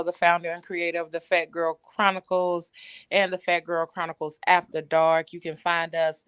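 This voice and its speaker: A woman's voice: lowish voice, little pitch movement, normal speed, a bit bright, smooth, dry recording. A woman guest on a casual podcast, upbeat and talkative, explaining her views earnestly. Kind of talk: casual chat.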